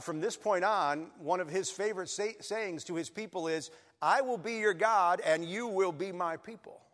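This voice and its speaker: Man, pastor, sermon, earnest, emphatic peaks, highish voice, echoing church. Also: fairly bright tone. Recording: long reverb of a church hall.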